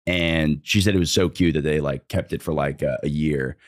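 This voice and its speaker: A man's voice: a bass voice, normal speed, dry recording, studio quality. A young man telling a rambling comedic story in casual chat, laughing mid-sentence and swearing often. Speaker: storyteller guest.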